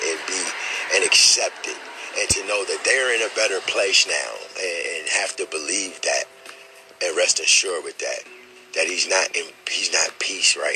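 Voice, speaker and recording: A middle-aged man hosting his podcast, speaking in a halting, emotional way, repeating words and often saying "man" as he holds back tears. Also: sits low, rough recording. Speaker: podcast host. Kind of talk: emotional spoken dedication.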